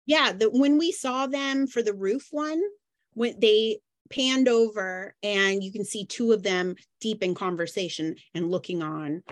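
A woman co-hosting a podcast, recapping a TV episode in a relaxed running summary. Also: medium pitch, unhurried, dry recording. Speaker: podcast co-host. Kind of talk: casual chat recapping an episode.

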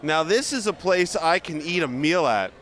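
A man's voice: a little high, expressive, normal speed, fairly bright tone. Wry man teasing friends outdoors. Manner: wry, teasing, mock-tour-guide. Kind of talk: casual chat while walking. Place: outdoors on a city street. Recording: faint street traffic noise.

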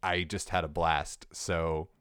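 A man's voice: deep voice, flat delivery, slow, fairly bright tone, smooth, no echo, studio quality. A man hosting a podcast, chatting casually and rambling with fillers and restarts. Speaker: podcast host. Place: small black box theater backstage. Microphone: portable recorder.

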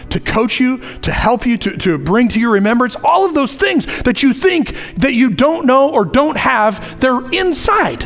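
A man preaching with a high, lively voice that climbs and drops all through. His delivery is conversational and animated, and he acts out little asides as he goes. Faint music plays underneath. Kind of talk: sermon.

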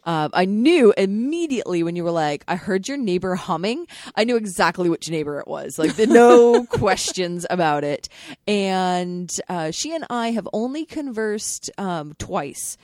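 Woman podcast host, low-ish voice, dry close sound, chatty and laughing between stories. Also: animated, unhurried, darkish tone, dry recording. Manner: chatty, laughs often while telling anecdotes. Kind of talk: casual chat.

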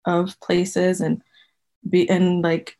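Rambling storyteller woman, lower voice. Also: completely flat delivery, very slow, dark tone. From Zimbabwe. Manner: rambling, full of "like" fillers. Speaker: guest herbalist. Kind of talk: casual storytelling.

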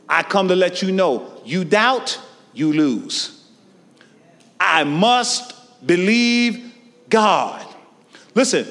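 A high-voiced preacher whose pitch leaps all over as he calls on the congregation to answer him. His delivery is slow and drawn out, shouting one line and dropping almost to a murmur the next. The sound rings with the long echo of a big hall. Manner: call-and-response preaching, swinging from shouts to near-whispers. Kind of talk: sermon. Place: church sanctuary. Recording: long reverb of a large hall.

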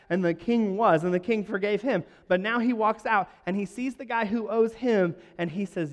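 A man preaching a sermon, telling a story and acting out its lines, moving between hushed and loud. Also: high-pitched, moderate pace. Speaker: pastor. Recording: long hall reverb.

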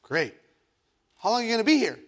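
A man's voice: very high voice, sing-song, fairly bright tone, pitched above the performer's own voice, heavily acted. A curt young passport officer woman, as a preacher puts her on. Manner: brisk, clipped questions.

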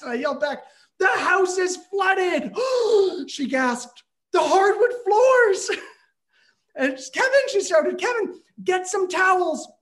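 A man telling a comic personal story, animated, building tension and bursting into shouted lines. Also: extremely high pitch.

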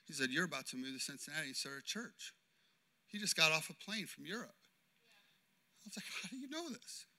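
A man preaching a sermon as pastor, impassioned and swinging between loud declarations and hushed storytelling. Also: a little high, big pitch swings, brisk, pauses often.

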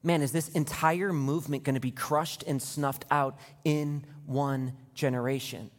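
A man preaching a sermon to his church, building to an impassioned, near-shouting pitch as he retells scenes. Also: steady tone, a little slow, few pauses. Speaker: pastor. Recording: long hall reverb.

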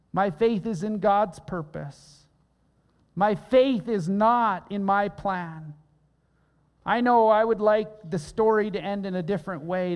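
Male pastor, unhurried emphatic sermon delivery, long hall reverb. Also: high-pitched. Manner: earnest, emphatic preaching with repeated phrases.

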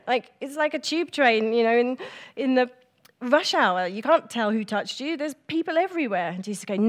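A middle-aged woman giving a personal, reflective church talk, speaking gently with pauses and fillers. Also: mid-range voice.

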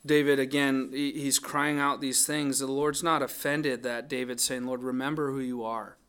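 A man's voice: mid-range voice, level tone, normal speed, fairly bright tone, clean tone. A man preaching a sermon, earnest and thoughtful, often restarting his phrases as he works through a psalm. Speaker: pastor.

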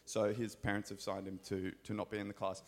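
A man's voice: lowish voice, flat delivery, brisk, gravelly. Australian male preacher, casual and upbeat, tells school stories from the pulpit. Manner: enthusiastic, chatty storyteller. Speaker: pastor and school scripture teacher. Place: church.

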